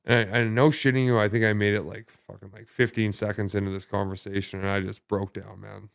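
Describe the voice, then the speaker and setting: A man with a somewhat low voice talks casually as a podcast guest. He swears often and circles back through fillers and false starts. The sound is dry and close. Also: little pitch movement, creaky, clean tone, no echo. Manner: halting, profane, many restarts and fillers. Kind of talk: casual conversation.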